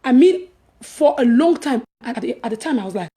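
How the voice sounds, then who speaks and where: A woman with a Nigerian accent, an evangelist vlogger, tells a story in a casual chat, laughing and animated as she swings between loud and hushed. Her voice is a little high and moves at normal speed, with a slight hiss or hum in the background.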